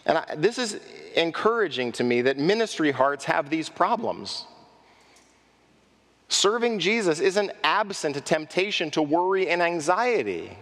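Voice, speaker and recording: Animated male pastor preaching in echoey hall. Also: on the high side, a little slow. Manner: animated preaching, acting out quoted speech; asks the congregation direct questions. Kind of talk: sermon.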